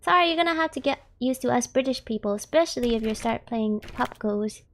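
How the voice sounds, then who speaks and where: A young American woman with a high voice chats casually on her live stream, giggling often between remarks. She sounds expressive and brisk, with a faint hiss or hum in the audio.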